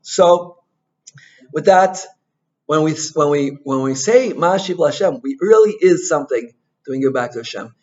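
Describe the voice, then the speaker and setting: A rabbi telling a story, mixing in Hebrew terms. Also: male voice, fairly high pitch, a little slow, muffled recording. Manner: animated storyteller, mixing in Hebrew and Yiddish terms, frequent "right?". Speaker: rabbi giving a talk. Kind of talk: informal Torah lecture.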